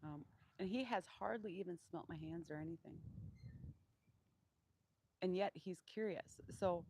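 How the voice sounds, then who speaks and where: Woman trainer, lowish voice, calm and monotone, outdoor pen, faint noise. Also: low-quality recording. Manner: calm, low-key, deliberately monotone. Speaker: donkey trainer. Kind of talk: live training demonstration.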